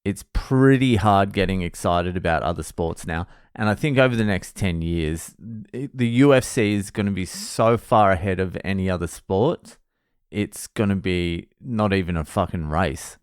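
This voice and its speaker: A man's voice: sits low, moderate pace, clear, resonant tone, no room sound, studio quality. An Australian man hosting a solo podcast, rambling and self-mocking, with heavy swearing in casual talk. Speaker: podcast host.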